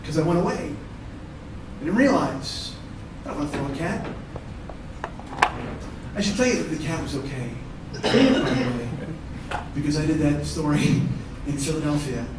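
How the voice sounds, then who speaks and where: Man doing live stand-up, profane and animated, high voice, heard from far off in a hall with steady noise. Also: moderate pace, pauses often. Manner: profane, animated, laughing through lines. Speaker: stand-up comedian. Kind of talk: live one-man comedy storytelling. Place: theater stage.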